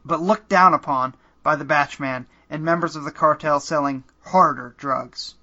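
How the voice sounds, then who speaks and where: As a podcast host, a man narrates a comedic choose-your-own-adventure game in a dry, deadpan manner that occasionally cracks into laughter. His voice has a bright edge and fairly high pitch, moving at a moderate pace, on a slightly muffled, lo-fi recording.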